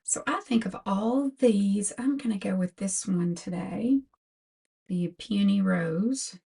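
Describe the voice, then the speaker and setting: A woman's voice: medium pitch, vocal fry, dark tone. An older woman giving a chatty makeup tutorial as a beauty vlogger, talking through products one by one. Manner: slow, chatty product talk.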